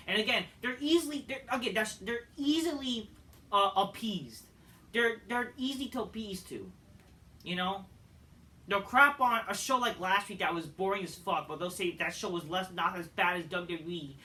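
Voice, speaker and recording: A man's voice: a little high, bright, forceful tone, distant mic, slight background noise, rough recording. A man reviewing a wrestling show in a profane, exasperated casual rant.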